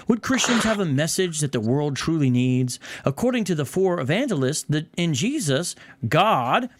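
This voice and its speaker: A man's voice: fairly high pitch, sing-song, normal speed, noisy background. A man hosting a podcast, reading a passage aloud and breaking in with heated, exasperated rebuttals. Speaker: podcast host.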